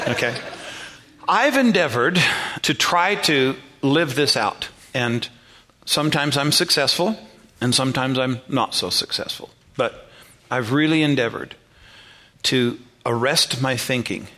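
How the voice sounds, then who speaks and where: Bright-voiced man preaching conversationally. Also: fairly high pitch. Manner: conversational, self-deprecating, calls for congregation responses. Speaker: pastor. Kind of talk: sermon.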